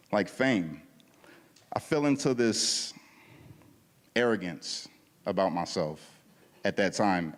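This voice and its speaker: A man with a fairly low voice tells his testimony from the front of a church, loose and slangy, jumping into the voices of the people in his story. His words ring out with a long reverb in the hall. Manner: animated storytelling, acting out quoted dialogue; casual, slangy. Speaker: guest speaker at a church service. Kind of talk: testimony talk.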